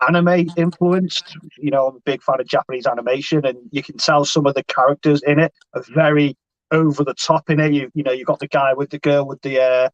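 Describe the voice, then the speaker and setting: A man's voice: on the high side, steady tone, a little fast, dry recording. Hesitant man on a dull call line. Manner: hesitant, thinking aloud with many restarts. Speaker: guest. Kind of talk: casual chat. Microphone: video call. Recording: dry, dull lo-fi call audio.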